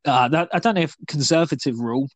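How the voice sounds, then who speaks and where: A man's voice: on the high side, fast, no echo. Rambling, jokey male podcast host. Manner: rambling, playful, with many fillers. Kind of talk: casual chat.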